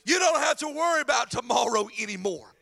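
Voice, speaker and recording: Male pastor, sermon, very high voice, gravelly, bright, animated storytelling. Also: fairly quick. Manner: animated preaching with acted retellings.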